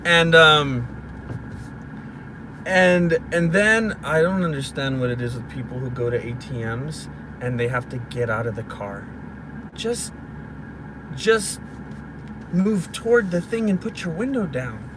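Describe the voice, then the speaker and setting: A man's voice: on the high side, a little slow, pauses often. A man in his thirties telling a story in a casual vlog from his car, dramatic and self-mocking. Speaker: vlogger. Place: inside a car. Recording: car and street noise.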